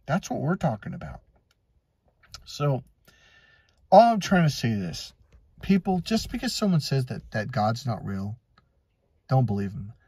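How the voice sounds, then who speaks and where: A man's voice: medium pitch, big pitch swings, unhurried, pauses often, darkish tone, breathy edge, no echo. A man coaching listeners in a casual motivational monologue, blunt and profane, telling stories and acting out the dialogue. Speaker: life and relationship coach.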